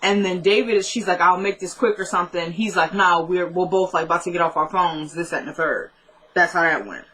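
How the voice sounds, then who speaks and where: A young woman casually retelling a TV drama episode, quoting the characters' lines in quick back-and-forth and laughing at her own asides. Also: fairly low pitch, fairly bright tone, low-quality recording. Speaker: TV episode recapper.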